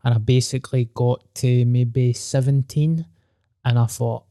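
A man's voice: mid-range voice, steady tone, unhurried, dark tone, no room sound, studio quality. A Scottish man hosting a podcast, chatting casually, blunt and sweary with a joking manner. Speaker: podcast host. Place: venue with a dry sound.

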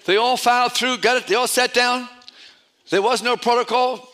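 A man's voice: very high voice, normal speed. A man preaching a sermon, telling stories animatedly and often repeating his words. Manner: animated storytelling with repetitions.

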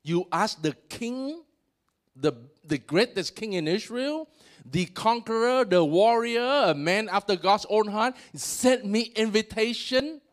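A man preaching a sermon and voicing a flattered young woman who is awed by a king's invitation, exclaiming breathlessly. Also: high voice, slow, voice pushed up.

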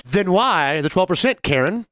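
A man's voice: high voice, normal speed, dry recording, studio quality. A man co-hosting a podcast, telling restaurant stories in casual chat and acting out customers. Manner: animated storyteller, acts out customers. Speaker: podcast co-host.

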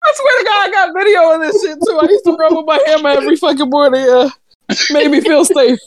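A young woman co-hosting a podcast, talking in casual, profane, animated banter and laughing a lot. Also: high voice, fast talker, a loud crowd. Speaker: podcast co-host.

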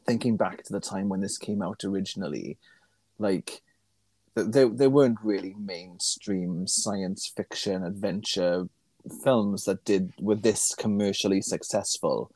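A man's voice: deep voice, a little slow, darkish tone, no echo. A man co-hosting a casual podcast, talking in a thoughtful, musing way that trails off and restarts. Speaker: podcast co-host. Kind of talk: casual chat.

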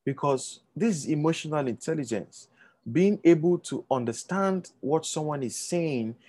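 A man's voice: on the high side, animated, normal speed, a little mellow. A man giving a motivational talk to an audience, often checking that listeners follow and acting out quotes in a raised voice. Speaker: speaker addressing an audience.

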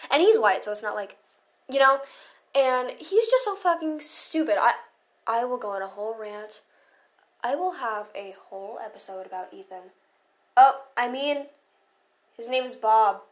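A teenage girl hosts her own podcast with a fairly high voice. She talks at an unhurried pace but in a heated, profane rant. Her sentences are full of fillers and side comments. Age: teens. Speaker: podcast host. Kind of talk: casual ranting monologue.

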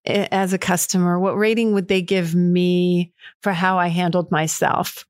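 A woman's voice: mid-range voice, no echo. Candid woman podcast host, dry sound. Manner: candid, rambling, with frequent fillers and self-quotes. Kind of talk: reflective solo monologue.

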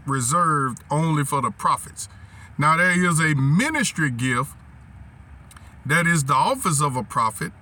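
Bright-voiced preacher, a bit off-mic. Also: male voice, a little high, recorded from a distance. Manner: repetitive, call-and-response, scripture quoting; restarts and stumbles while thinking. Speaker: pastor. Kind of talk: sermon teaching.

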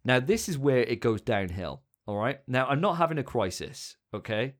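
A man's voice: mid-range voice, expressive, moderate pace. A British man hosting a casual podcast, chatty and self-mocking with the odd swear. His voice swings up and down a lot as he talks. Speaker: podcast host.

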